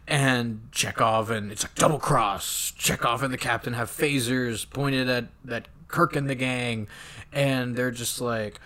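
A man casually retelling a film with lots of swearing and animated asides. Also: medium pitch. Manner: profane, animated retelling with quick voiced asides. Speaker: podcast co-host recapping a film. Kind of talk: casual chat.

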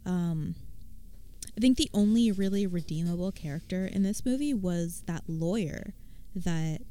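A woman's voice: lowish voice, measured pace, dark tone. A woman in a casual film discussion, speaking hesitantly and with many fillers.

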